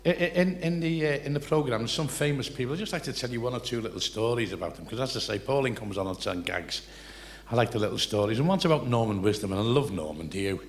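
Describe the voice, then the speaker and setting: An older man with a Liverpool accent telling rambling, salty anecdotes live on stage, building excitement toward each punchline. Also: mid-range voice. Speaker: comedian telling stories. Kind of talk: live stand-up storytelling. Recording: echoey live venue, faint noise.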